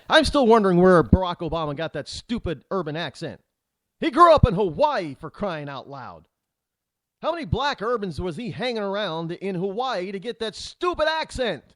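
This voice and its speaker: A man hosts a talk show and delivers a political commentary monologue. His voice sits high and swings widely as he rambles indignantly, stumbling over restarts and repeated words. The sound is dry, with no room echo.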